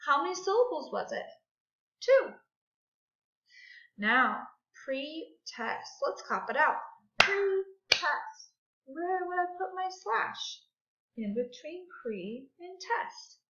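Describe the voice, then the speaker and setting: A woman's voice: high voice, very animated, a bit bright. Sing-song woman teaching phonics. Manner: slow, sing-song teacher voice, clapping out syllables. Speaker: second grade teacher. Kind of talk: classroom grammar and phonics lesson. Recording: echoey room, dull lo-fi sound.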